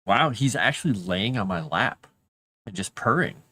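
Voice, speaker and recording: Casting: middle-aged man, casual writer-vlogger, playful, lively pitch, cat-talk asides. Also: normal speed. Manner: chatty, talks softly to his cats. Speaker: writer streaming his work. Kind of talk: casual talk while writing.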